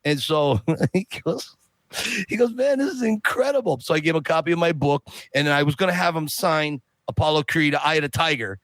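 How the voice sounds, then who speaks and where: Man, podcast guest, animated storyteller, slightly high voice, dry close sound. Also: fairly quick, dry recording. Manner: animated, acts out quoted voices. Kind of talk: casual storytelling.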